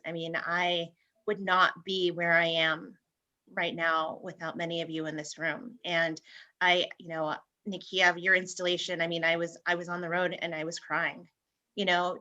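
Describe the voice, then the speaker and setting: A woman's voice: on the low side, pushed and bright, highs cut off. A woman speaking on a real estate panel, heartfelt and effusive, often restarting her sentences. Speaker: realtor panelist. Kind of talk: panel discussion.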